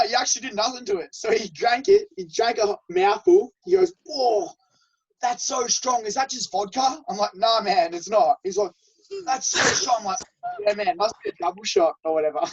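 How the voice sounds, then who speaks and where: A young man co-hosting a podcast, telling stories in a casual, animated way and acting out what others said. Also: sits high, vocal fry, husky. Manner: animated, laughing, acts out quotes. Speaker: podcast co-host. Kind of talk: casual storytelling chat. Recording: dull lo-fi sound.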